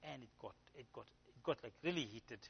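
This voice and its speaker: A man's voice: medium pitch, expressive, brisk, vocal fry, a bit bright, breathy edge. Preacher man in an echoing hall. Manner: storytelling, conversational, with frequent "you know". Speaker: Islamic preacher. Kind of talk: sermon. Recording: dull sound with long hall reverb.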